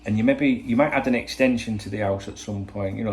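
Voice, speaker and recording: A man's voice: lowish voice, fast talker, darkish tone. A man hosting a football channel, talking in a rambling, swear-laden opinion monologue full of rhetorical questions.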